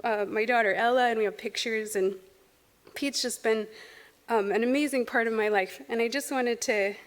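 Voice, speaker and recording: A woman's voice: a little high, steady tone, moderate pace. A woman in her thirties speaking at a memorial, telling personal anecdotes in a chatty way, laughing between stories. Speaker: eulogy speaker.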